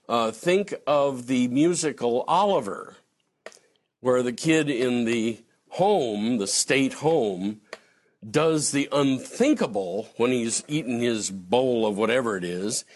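A man's voice: medium pitch, takes it slowly. A man lecturing on theology in a conversational, digressive way, answering a question from the floor. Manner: digressive, animated, breaks into acted quotes.

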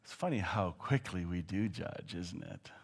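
Lively Canadian man preaching. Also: low-pitched, normal speed, husky. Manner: animated and joking, dropping to hushed tones. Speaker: pastor. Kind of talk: sermon.

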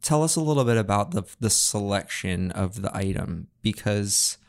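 A man's voice: fairly low pitch, expressive, normal speed. A man hosting a casual podcast interview in a studio, joking and playfully sarcastic. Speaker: podcast host.

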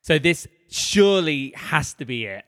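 A man's voice: fairly high pitch, very animated, unhurried, a bit bright, dry recording, studio quality. A man hosting a casual book club podcast, chatty and upbeat, laughing often. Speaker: podcast host.

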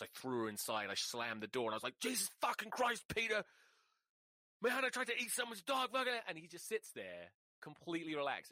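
A man hosting a podcast, rambling casually with profane, dark jokes into a close mic. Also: lowish voice, dry recording. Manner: rambling, profane, darkly joking. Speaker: podcast host. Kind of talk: casual monologue.

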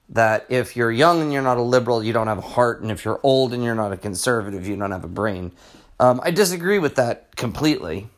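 A middle-aged man, a teacher hosting his own podcast, talking in a rambling, chatty way full of restarts. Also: medium pitch. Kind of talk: casual solo podcast monologue.

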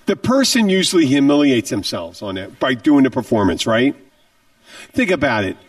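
A man chatting casually on a podcast, his pitch jumping around a lot. He sounds a little set back from the mic in a dry room, and he talks with emphasis, repeating himself. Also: normal speed, dry recording, recorded from a distance. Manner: animated, emphatic, repeats words. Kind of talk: casual chat.

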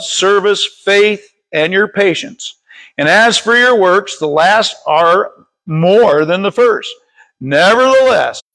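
A man leading a Bible study, reading scripture aloud slowly and stumbling over words, then stopping to teach. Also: sits high, fairly bright tone, poor audio. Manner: reads slowly with frequent stumbles and self-corrections. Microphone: streaming over Wi-Fi.

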